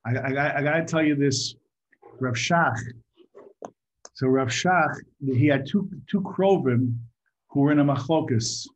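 A man giving an informal Torah talk to a group, halting and repeating his words, sometimes asking the audience questions. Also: mid-range voice. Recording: muffled lo-fi recording.

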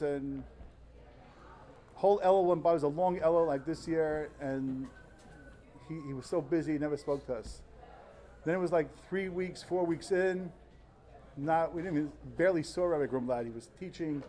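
A young man in his twenties, a yeshiva student, tells a personal story in an animated, earnest way before giving an informal Talmud lecture. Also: a little high. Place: study hall before fellow students.

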